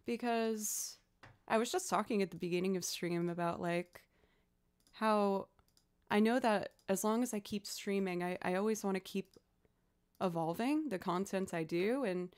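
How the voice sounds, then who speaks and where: A woman's voice: medium pitch, measured pace, a little mellow, clean tone. A woman streaming live as a violinist and looper, chatting casually and thinking aloud between takes.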